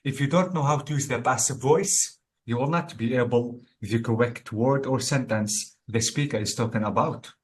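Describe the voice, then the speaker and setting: A man's voice: mid-range voice, moderate pace. A male English exam tutor teaching one-on-one, explaining step by step and often checking in with "okay?".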